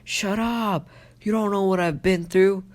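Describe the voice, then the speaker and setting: A man's voice: mid-range voice, level tone, slow pace, vocal fry, dark tone. A man doing a proud, rattled teen rival. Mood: angry. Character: proud teen male ninja, rattled and defensive.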